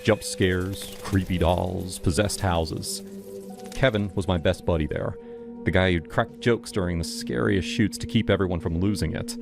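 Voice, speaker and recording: Male narrator, very low voice, measured and dramatic first-person horror storytelling over a music bed. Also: steady tone, vocal fry. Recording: music playing behind.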